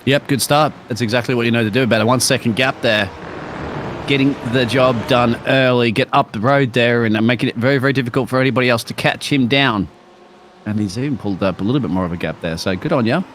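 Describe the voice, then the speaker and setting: A man's voice: mid-range voice, fast, fairly bright tone, slight background noise. A man giving co-commentary on a live esports race, with plain, matter-of-fact analysis of the gaps and the driving. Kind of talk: live sim racing commentary.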